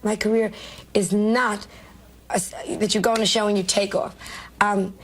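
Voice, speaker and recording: A woman's voice: mid-range voice, level tone, moderate pace, slight background noise. An older woman from New York, a comedian telling brash, self-mocking stories in an interview, emotional and laughing often. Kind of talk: candid interview storytelling.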